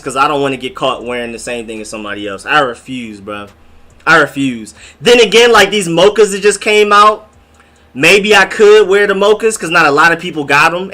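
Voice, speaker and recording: Bright-voiced man riffing with his chat. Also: on the high side. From Atlanta, US. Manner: rambling, slangy, talks straight to the chat. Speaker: live-stream host. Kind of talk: casual live-stream chat reading comments.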